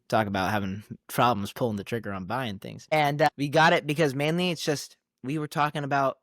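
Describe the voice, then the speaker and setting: A man's voice: medium pitch, dry recording, clean studio sound. A man co-hosting a casual podcast conversation, telling stories animatedly, acting out the dialogue and laughing often. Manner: animated storyteller who acts out quoted dialogue and laughs often. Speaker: podcast co-host.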